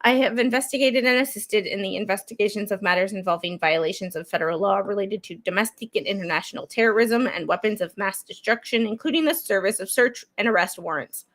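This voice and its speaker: A woman's voice: medium pitch, fast talker, few pauses. A woman streaming true crime content, reading court documents aloud in a casual, chatty way with frequent asides. She is getting over a cold and coughs now and then. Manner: chatty, digressive, breaks off into asides while reading.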